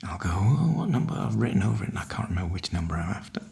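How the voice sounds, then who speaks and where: An older man, softly half-whispering a wry, chatty ASMR ramble. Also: sits low, steady tone, very fast, gravelly, breathy edge. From northern UK. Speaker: ASMR host.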